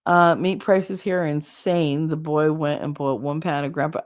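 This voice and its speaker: A woman with a New Jersey accent hosting a casual livestream chat, chatty and blunt, her voice going hoarse from talking so long. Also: low voice, fairly even intonation, normal speed, hardly any pauses. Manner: chatty, rambling, blunt with swearing. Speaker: livestream host reading chat.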